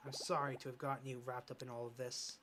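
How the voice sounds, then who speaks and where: A man voicing a remorseful middle-aged father in a video game, speaking softly and apologetically. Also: medium pitch, fairly even intonation, fast talker, very noisy, lightly acted. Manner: soft, apologetic. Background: game music.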